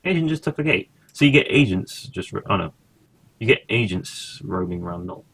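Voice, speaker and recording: Low gravelly man commenting on a game. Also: lively intonation, fairly quick, fairly bright tone. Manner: muttering, swears casually, thinks aloud. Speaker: gaming streamer. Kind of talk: casual gameplay commentary.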